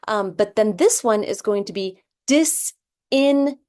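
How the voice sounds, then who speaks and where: A woman's voice: medium pitch, animated, a little slow, a little mellow. A woman teaching reading, explaining a phonics assessment and sounding out example words one by one, often checking in with "okay?".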